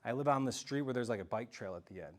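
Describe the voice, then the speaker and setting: A man telling a story in an animated, self-mocking way during a talk to a live audience. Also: medium pitch, fast talker. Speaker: speaker giving a self-defense talk.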